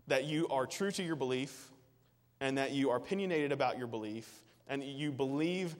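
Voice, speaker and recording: A man's voice: medium pitch, long reverb tail. A man preaching a sermon as pastor, earnest and emphatic, with repetitive phrasing.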